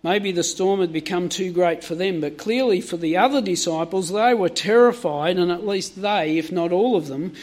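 A man with a fairly high voice delivers a sermon from the pulpit. He speaks to the congregation directly and keeps turning to questions he puts to each listener. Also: moderate pace, hardly any pauses, a little mellow. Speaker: preacher.

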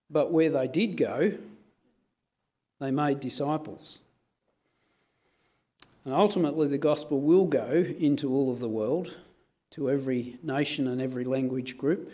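Mellow-voiced male preacher. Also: on the high side. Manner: earnest, measured preaching. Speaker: pastor. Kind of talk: sermon.

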